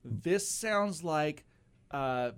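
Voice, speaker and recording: Guy co-hosting a radio show, kinda high voice, playful, laughs a lot. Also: animated, smooth. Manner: playful, laughs often, muses slowly over guesses. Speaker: co-host. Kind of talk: casual radio show banter.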